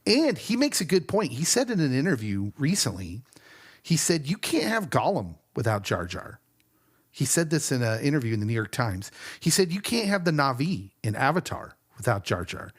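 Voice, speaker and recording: A man co-hosting a casual pop culture podcast, animated and laughing often. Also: mid-range voice, moderate pace, husky. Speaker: podcast co-host. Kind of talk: casual chat.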